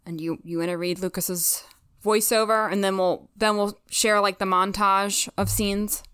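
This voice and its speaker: A woman's voice: medium pitch, flat delivery, measured pace, a bit bright, clean tone, no echo, clean studio sound. A woman co-hosting a casual podcast, earnestly and emotionally retelling scenes of a TV episode. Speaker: podcast co-host. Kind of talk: casual recap chat.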